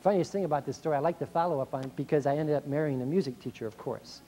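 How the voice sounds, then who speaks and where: Speaking rapid-fire in a high-ish voice, a middle-aged man motivates school staff in a 1990 speech hall recording. He gets animated, loudly acting out complaints, over slight background noise.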